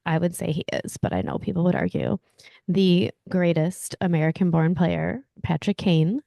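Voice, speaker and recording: A woman with a low, gravelly voice co-hosts a hockey podcast in a relaxed, chatty way. Her opinions come across as easygoing. The sound is close and dry. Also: moderate pace, no room sound. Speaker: co-host. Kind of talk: casual podcast chat.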